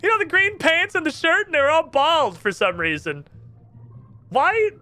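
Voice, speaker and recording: A man voicing an excitable, bossy tutor stranded underwater, in a squeaky, put-on voice. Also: unhurried, full character voice. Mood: chirpy.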